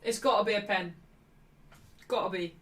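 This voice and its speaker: A woman hosting a live football watchalong, chatting cheekily and shouting out at refereeing calls. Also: medium pitch, normal speed, distant mic. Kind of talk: live match watchalong commentary.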